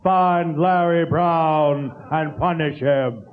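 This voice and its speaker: A man imitating a deep, solemn male narrator of old sports highlight films, speaking slowly and grandly. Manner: slow, grand, dramatic delivery. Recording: dull lo-fi tape with noise.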